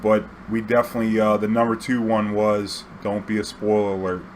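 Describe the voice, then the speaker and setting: A man's voice: fairly low pitch, completely flat delivery, fairly quick, darkish tone, a little hiss or hum. A young man casually telling a story to his viewers, rambling and profane, full of fillers and acted-out quotes. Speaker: YouTube storyteller.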